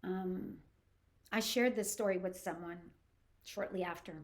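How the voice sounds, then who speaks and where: A woman's voice: mid-range voice, fairly even intonation. Earnest older woman telling a story. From Canada. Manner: earnest and halting, with restarts and acted-out quotes. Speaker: podcast host. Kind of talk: personal storytelling podcast.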